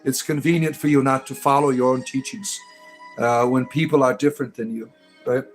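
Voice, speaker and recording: A man's voice: mid-range voice, fairly even intonation, brisk, soft background music. A man hosting a livestream, mocking and combative as he answers chat, often tagging his points with "right?". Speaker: livestream host.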